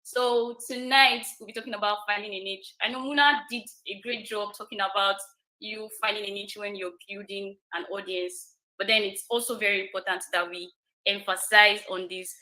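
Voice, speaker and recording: A woman opening her talk as guest speaker on an online webinar, friendly and measured. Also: medium pitch, fairly even intonation, bright, forceful tone, poor audio. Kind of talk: presentation.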